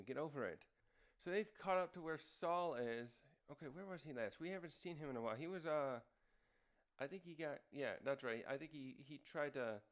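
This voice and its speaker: A man's voice: a little high, smooth. A man hosting a casual recap, talking off the cuff with lots of fillers and restarts. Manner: rambling, many fillers and restarts. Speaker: manga review host.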